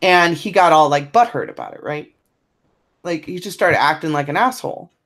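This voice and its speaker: A woman's voice: low-pitched, normal speed. A woman chatting on a podcast, telling a profane, blunt anecdote and laughing through it. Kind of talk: casual chat, anecdote telling.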